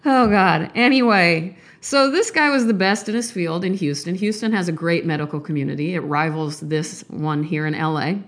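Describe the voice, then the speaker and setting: Podcast host, woman, slightly low voice; candid and rambling solo chat. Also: brisk, few pauses. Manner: candid, rambling, animated swings in pitch. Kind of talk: casual monologue.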